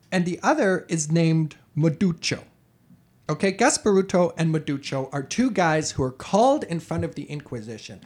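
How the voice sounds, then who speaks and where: Man, podcast co-host, chatty history storytelling, slightly high voice, quick restarts. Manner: animated, chatty, self-correcting. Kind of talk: casual conversational storytelling.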